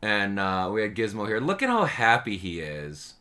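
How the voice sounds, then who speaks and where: A man hosting a live stream, chatting casually and excitably with his viewers and laughing often. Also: on the low side, normal speed. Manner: excitable, animated, laughs often, addresses chat directly. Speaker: livestream host.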